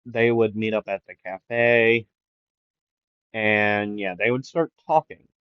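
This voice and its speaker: Halting, rambling man on a dull mic. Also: lowish voice, fairly even intonation, clear, resonant tone, no room sound. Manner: rambling, halting, full of fillers and restarts. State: recovering from a sore throat, avoids raising voice. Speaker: fan storyteller. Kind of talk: improvised fan story narration.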